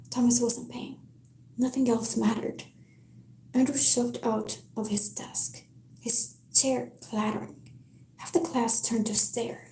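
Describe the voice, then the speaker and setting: A woman reads a novel aloud on a live stream in a soft, careful whisper, taking her time over each line. Her voice is fairly high yet mellow. It sits in a roomy echo with a faint hiss behind it. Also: gravelly. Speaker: live-stream book reader. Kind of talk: whispered book reading.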